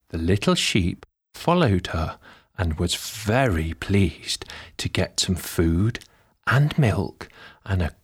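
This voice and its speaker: A man reading a bedtime story aloud, gentle and drawn-out, dropping now and then into soft whispered asides. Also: low-pitched, husky.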